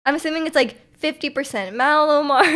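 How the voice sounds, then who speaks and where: A young woman streams and chats informally with viewers, reading out their messages. Her high-pitched voice is a little bright and moves at a moderate pace, and she rambles, repeats "like," restarts, and laughs a lot.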